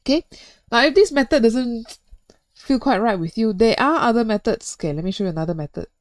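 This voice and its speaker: Playful, lively woman physics teacher. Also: a little high, a little fast, no room sound. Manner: playful, chatty, jokes and asks the viewer questions. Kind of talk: recorded video lesson.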